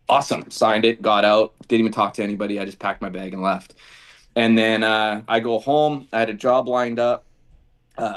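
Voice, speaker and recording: A man, a guest on a podcast, telling casual stories and acting out the dialogue of the people in them. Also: on the low side. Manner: animated storyteller acting out quoted dialogue. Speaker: podcast guest, former football kicker. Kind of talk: casual storytelling interview.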